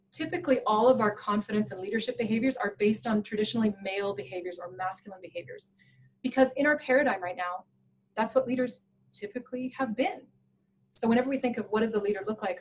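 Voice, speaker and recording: A woman presenting a professional development workshop in an animated, playful way, laughing often. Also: medium pitch, slight background noise, poor audio. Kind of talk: workshop talk.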